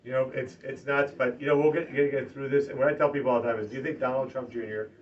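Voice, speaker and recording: A man, a political candidate, giving a campaign stump speech to a small crowd, swinging from loud rallying to hushed, earnest talk. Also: mid-range voice, steady tone, fast talker. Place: party office meeting room. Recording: distant lo-fi room recording, faint ambience.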